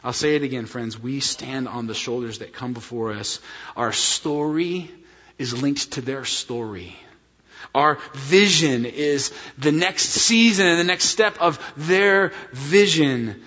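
A man's voice: mid-range voice, fairly bright tone, breathy edge. Earnest preaching pastor, man, long hall echo. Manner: earnest, storytelling preacher addressing congregation as friends. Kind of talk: sermon. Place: church sanctuary. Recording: dull sound in a reverberant church hall.

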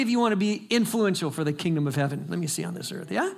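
A man's voice: high-pitched, animated, fast talker, vocal fry, hardly any pauses. A man preaching a sermon as pastor, telling stories in a conversational way and building to emphatic exhortation.

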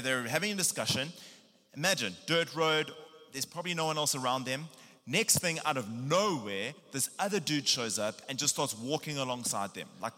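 Casual, lively man preaching in a hall. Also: on the high side. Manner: casual, animated storytelling with slang. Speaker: pastor. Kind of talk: sermon.

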